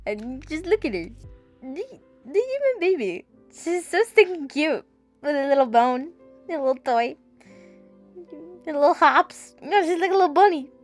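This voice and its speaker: Teen girl vlogger, high voice, gushy and chatty, soft music behind. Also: big pitch swings, normal speed, long pauses. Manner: chatty and gushing. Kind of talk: casual vlog narration.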